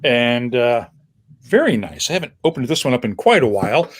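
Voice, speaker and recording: A man's voice: mid-range voice, sing-song, brisk. A man hosting a casual webcast chat over a video call, joking and reading out viewer comments. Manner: chatty, joking, reads viewer comments aloud. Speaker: host.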